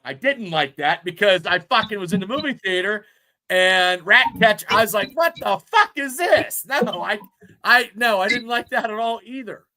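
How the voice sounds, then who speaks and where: Brief: fifties male podcast co-host, high, bright voice, swears constantly, rambles through animated stories. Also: normal speed. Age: 50s. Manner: profane, rambling, animated storytelling. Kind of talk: casual chat.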